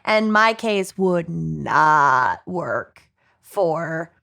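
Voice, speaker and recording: A woman co-hosting a podcast, chatting casually and explaining things at length in an animated way. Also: low-pitched, drawn-out words, creaky. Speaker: podcast co-host.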